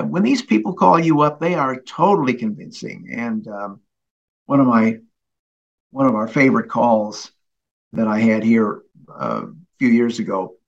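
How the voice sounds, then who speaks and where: Older man telling lively stories. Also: mid-range voice, gravelly, highs cut off. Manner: animated, chuckling storyteller. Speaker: guest, consumer protection official. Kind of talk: conversational interview storytelling.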